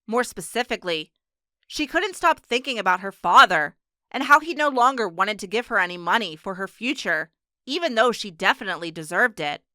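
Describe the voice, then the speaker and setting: Bright, crisp woman narrating an audiobook. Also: medium pitch, expressive, a little fast, no echo, studio quality. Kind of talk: scripted narration.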